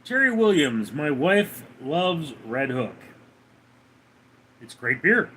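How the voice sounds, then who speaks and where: A slow, deadpan man reads his livestream chat aloud and tosses back dry replies. His voice sits a little high for a man and swings widely in pitch. A faint hiss runs under the recording. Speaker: livestream host reading chat. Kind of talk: casual chat reading comments aloud.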